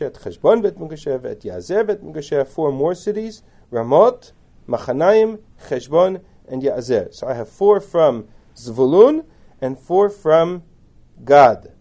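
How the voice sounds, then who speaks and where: A man's voice: on the high side, dark tone. Muffled man teaching from scripture. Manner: reads verses aloud and translates line by line; chatty asides and rhetorical questions. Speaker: Torah teacher. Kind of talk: lecture on a biblical text.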